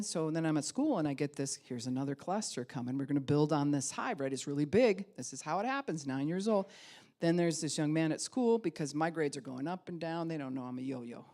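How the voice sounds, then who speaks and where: A low-pitched middle-aged woman preaching in a church hall. She tells her story dynamically, pushing some phrases out loud and dropping others to a hush. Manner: dynamic storytelling, swinging from loud emphasis to hushed whispers. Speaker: pastor. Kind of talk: sermon.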